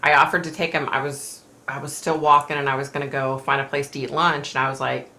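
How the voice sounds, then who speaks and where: Gravelly middle-aged woman chatting emotionally. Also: a bass voice, level tone, quick pace, pushed and bright. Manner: emotional, rambling, frequent sighs and fillers. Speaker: host reading viewer comments. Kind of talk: casual live-stream chat.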